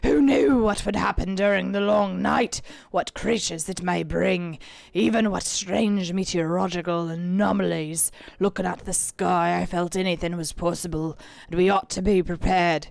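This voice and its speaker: A woman voicing a grim, determined male sea captain, reading his log aloud in a slow, gruff put-on voice. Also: lowish voice, a little mellow, no echo, voice pushed down.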